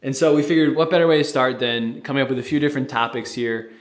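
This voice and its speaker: Young guy rambling on a podcast, mid-pitched voice, roomy echoey sound. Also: fast talker. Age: young adult. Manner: rambling, with many fillers and restarts. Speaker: podcast founder and co-host. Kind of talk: casual podcast chat. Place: studio with a producer present.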